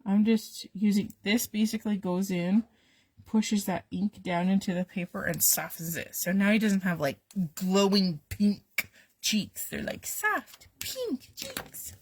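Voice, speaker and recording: A woman's voice: mid-range voice, steady tone, unhurried, a little hiss or hum. A woman who is losing her voice, chatting to viewers while she demonstrates a craft on a live stream. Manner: talks to viewers while she works, with little asides.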